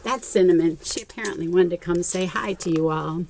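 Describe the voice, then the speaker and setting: A woman narrating a picture book aloud to young children, with expressive gasps and remarks spoken straight to her listeners. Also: on the low side, a little fast, creaky, background noise. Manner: talks directly to young viewers. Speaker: children's story reader.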